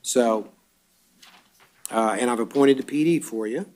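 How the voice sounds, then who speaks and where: A man presiding as judge at a court bond hearing, reading charges briskly and dropping dry wisecracks. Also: mid-range voice, darkish tone.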